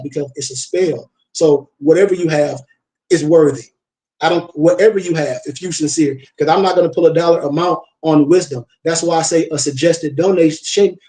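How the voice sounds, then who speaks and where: A man who is a minister and teacher, talking casually and preachily about wisdom and honesty. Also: fairly high pitch. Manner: preachy and animated, with repeated chanted blessings. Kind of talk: casual spiritual talk.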